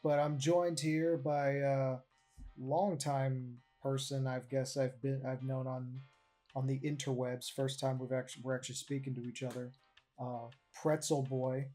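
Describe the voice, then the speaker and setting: Casual podcast host, mid pitch, loose and profane, faint music behind. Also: level tone, unhurried, dark tone. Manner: loose, profane, laughs easily. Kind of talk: casual chat.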